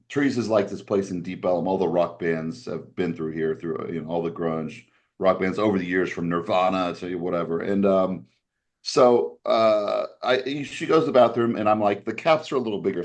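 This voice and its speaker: A man with a low voice tells a story in casual podcast chat. He rambles and restarts, and he jumps up in pitch whenever he acts out someone else's lines. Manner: animated, acts out quoted voices with raised pitch.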